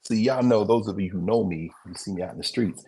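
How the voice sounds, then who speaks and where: A man teaching a class in a loose, conversational way, wandering off on asides and pausing to recall details. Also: on the low side, warm tone, a little hiss or hum. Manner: conversational, digressive, with mid-sentence recall pauses. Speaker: teacher hosting a class show. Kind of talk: lecture, talking to viewers.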